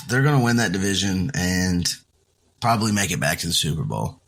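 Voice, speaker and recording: A man co-hosting a sports podcast, calmly breaking down games in a casual chat. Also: deep voice, moderate pace, creaky. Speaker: podcast co-host.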